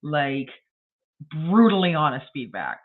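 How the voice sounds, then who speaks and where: A woman's voice: low voice, big pitch swings, measured pace, narrow, tinny audio. A woman hosting a casual writing livestream, chatting bluntly and rambling with frequent laughs. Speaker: livestream host.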